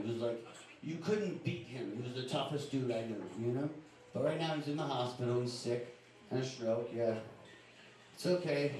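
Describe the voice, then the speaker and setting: A man's voice: mid-range voice, noisy background. Young male stand-up comic, echoey club. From Louisiana. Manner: casual, confiding, punchy delivery. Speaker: stand-up comedian. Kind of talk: stand-up comedy set. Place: comedy club stage. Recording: echoey club room from far off.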